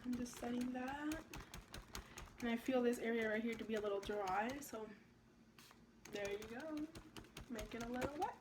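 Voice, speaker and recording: A young woman vlogging at home, chatting excitedly and rambling through a makeup tutorial with lots of likes and ums. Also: fairly high pitch, moderate pace, long pauses, background noise.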